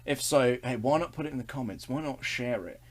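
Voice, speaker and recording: A man's voice: mid-range voice, fairly quick. A man leading a casual online Bible study, earnest and enthusiastic, chuckling and restarting as he talks.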